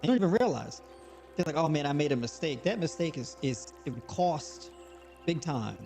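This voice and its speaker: A man hosting a live online show, talking casually and motivationally with frequent repeats and animated bursts. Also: on the high side, normal speed, gravelly, soft background music. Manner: conversational, repeats words, rising to animated bursts.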